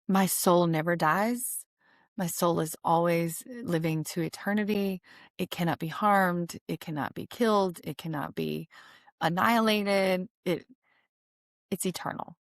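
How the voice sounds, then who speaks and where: A woman with a somewhat low voice hosts a podcast, speaking earnestly in a reflective spiritual monologue. She circles back on key phrases for emphasis and laughs lightly now and then. The sound is dry with no room echo. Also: vocal fry. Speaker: podcast host.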